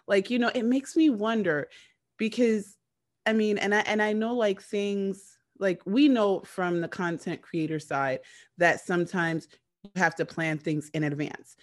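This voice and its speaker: A woman's voice: mid-range voice, steady tone, unhurried. A woman casually recapping a TV show, rambling with lots of fillers and restarts.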